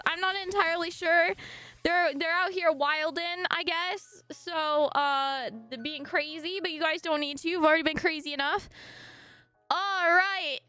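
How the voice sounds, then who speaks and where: A young adult woman is live-streaming, chatting casually and gushing to her viewers with excitement, sometimes breaking into squeals. Her voice sits high.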